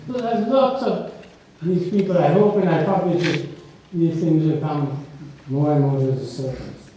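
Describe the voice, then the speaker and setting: An older man giving an academic lecture in an auditorium. He talks in an unhurried, digressive way and often adds "you see". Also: high-pitched, dark tone, slight background noise. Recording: echoey hall from a distant mic.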